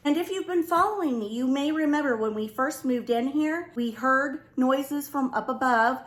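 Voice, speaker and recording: A middle-aged woman vlogging from home, telling a story in a lively casual way and acting out the dialogue. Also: high-pitched, moderate pace. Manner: animated, acts out both sides of the story. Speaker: lifestyle vlogger. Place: home room. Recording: echoey room.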